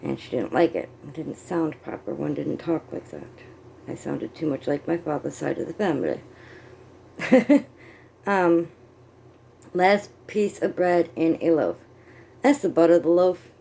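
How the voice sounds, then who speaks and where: A woman's voice: deep voice, expressive, a little slow, vocal fry, long pauses, mellow, breathy edge. A middle-aged woman from the United States chatting casually on her vlog, rambling and self-amused while she crochets and glances at her notes. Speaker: vlogger. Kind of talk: casual chat.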